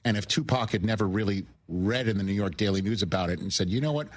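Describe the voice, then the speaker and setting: Husky male radio host. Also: fairly low pitch, fairly even intonation, quick pace. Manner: enthusiastic, affirming interjections. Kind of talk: radio interview.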